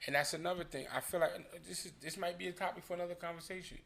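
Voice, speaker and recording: Guy with a higher gravelly voice, bright tone, chatty and animated co-host. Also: rapid-fire. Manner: animated, acts out his partner's questions. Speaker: podcast co-host. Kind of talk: casual group chat.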